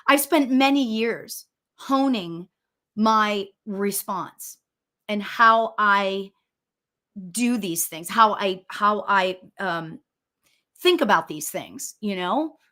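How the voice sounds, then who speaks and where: A woman, a medium hosting a spiritual discussion show, chatting in a loud voice and talking quickly as she tells a story. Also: mid-range voice, animated. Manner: loud, fast, storytelling with laughs. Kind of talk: casual chat.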